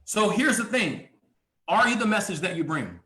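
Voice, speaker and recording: Male motivational speaker, sharp bright tone with wide swings in pitch. Emphatic delivery full of rhetorical questions, with frequent throat clearing. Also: very animated, normal speed, roomy sound. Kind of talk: motivational sales training talk.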